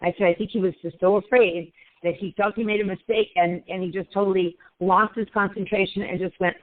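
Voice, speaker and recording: A woman's voice: mid-range voice, steady tone, brisk. An older woman, a grandmother, calling in to a group session and telling a long personal story in a chatty, earnest way. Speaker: caller. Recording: tinny phone line.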